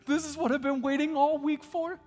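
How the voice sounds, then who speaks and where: A man voicing an eager, excited God looking down from heaven, speaking with giddy, breathless anticipation. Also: very high-pitched, fairly quick, voice pushed up. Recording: long church hall reverb, faint guitar.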